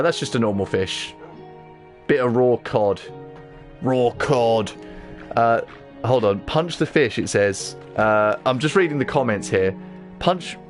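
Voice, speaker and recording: A British man chatting casually on a gaming livestream, excitable, swearing a lot and often stammering or restarting his sentences. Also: medium pitch. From Britain.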